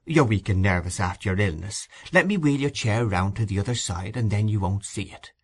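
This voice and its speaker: A man voicing a kindly, fussing old housekeeper woman in a storybook reading, gentle and motherly. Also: lowish voice, expressive, fairly quick, husky. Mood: soothing.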